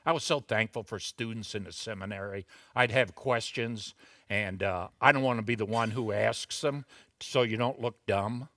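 A middle-aged man preaching a sermon, talking conversationally with asides and then rising into loud, emphatic bursts. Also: no room sound, clean studio sound. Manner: slow, deliberate delivery with sudden loud, high emphatic bursts. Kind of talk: expository sermon.

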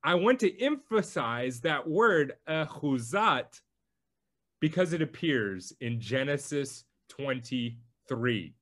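Slow, lively-voiced male preacher. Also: mid-range voice. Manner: slow, emphatic teaching delivery. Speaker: pastor. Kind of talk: sermon.

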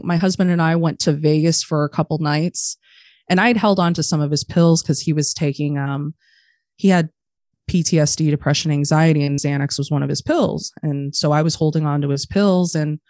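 A woman's voice: deep voice, a little mellow, dry recording. Woman guest, blunt, swears a lot, dry close sound. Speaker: podcast guest. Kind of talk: casual interview talk.

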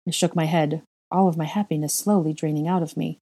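A woman reading a first-person fan fiction story aloud in a measured, expressive way. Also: sits low. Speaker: audiobook reader.

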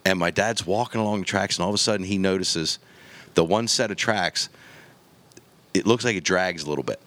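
A man's voice: low voice, brisk, a bit bright. A man on a podcast telling a long story in casual chat, acting out the quotes and the gunshots as he goes.

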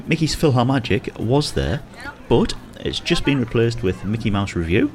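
A man's voice: mid-range voice, sing-song, moderate pace, vocal fry, few pauses, a little mellow. A man giving a casual, rambling walking-tour commentary outdoors in a theme park, chuckling often as he talks.

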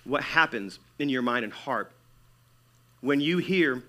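Bright, emphatic male preacher. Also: mid-range voice, expressive, unhurried, pauses often. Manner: emphatic, swings between loud and hushed delivery. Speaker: pastor. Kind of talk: sermon.

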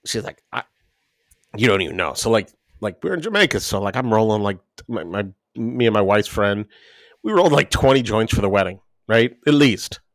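A man's voice: on the low side, animated, normal speed, no room sound. A man co-hosting a podcast, telling long casual stories full of "like" and quoted dialogue, swearing freely. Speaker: podcast co-host. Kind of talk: casual storytelling chat.

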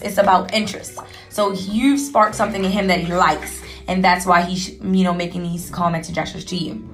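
Chatty woman telling a story. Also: mid-range voice. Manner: candid, animated retelling with frequent fillers. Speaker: podcast host. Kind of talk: casual storytelling monologue.

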